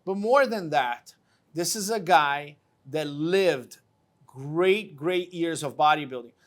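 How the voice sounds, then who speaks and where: A man's voice: a little high, slow pace. A man hosting a casual interview show, talking with enthusiasm and repeating words for emphasis. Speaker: show host.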